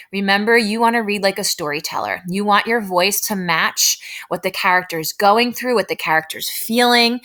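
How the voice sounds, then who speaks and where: A woman teacher giving a recorded reading lesson for children, explaining slowly and checking in with tag questions. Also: medium pitch, pushed and bright. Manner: slow, deliberate explaining, frequent tag questions.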